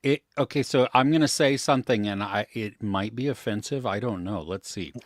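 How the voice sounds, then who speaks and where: A man's voice: on the low side, normal speed, no echo, studio quality. A man hosting a movie podcast, greeting listeners and chatting casually with upbeat energy. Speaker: podcast host. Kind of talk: casual chat.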